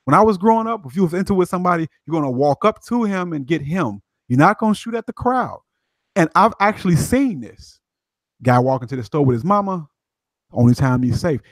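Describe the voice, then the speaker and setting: A man's voice: fairly high pitch, lively intonation, a little fast, no echo. A man from Chicago talking emphatically as a guest commentator, in casual street slang.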